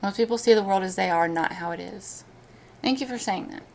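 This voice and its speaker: A woman chats on her live stream, talking through something painful. Her speech comes haltingly, full of restarts and trailing thoughts, at a moderate everyday pitch. Faint noise hums behind her. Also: vocal fry, a little mellow. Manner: emotional, halting, frequent restarts. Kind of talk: casual live-stream chat.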